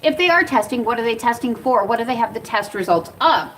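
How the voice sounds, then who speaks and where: A woman's voice: a little high, expressive, quick pace, a bit bright, far from the mic, rough recording. An American woman talking casually in a rambling way as she reviews cannabis products outdoors. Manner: chatty, rambling, easily startled. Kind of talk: casual vlog talk. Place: outdoors in Arizona.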